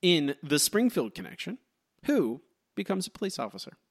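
Gravelly male podcast host. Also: on the high side, very animated, normal speed. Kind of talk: casual podcast chat, running a trivia segment.

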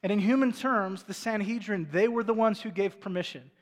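High-voiced male pastor preaching in a hall. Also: brisk. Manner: conversational preaching with rhetorical questions. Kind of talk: sermon. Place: church stage before a congregation.

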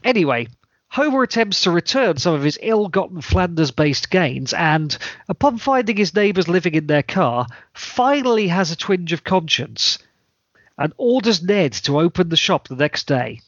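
A man recaps an episode in a semi-deadpan, dry-witted way, his pitch bouncing around freely. His voice sits a touch high for a man. The sound is dry and close, with a dull, lo-fi tone. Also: moderate pace, no echo. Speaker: podcast host.

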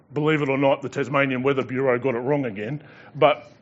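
A man's voice: mid-range voice, steady tone, moderate pace, dull audio. A male pastor preaching a sermon, telling stories and acting out dialogue.

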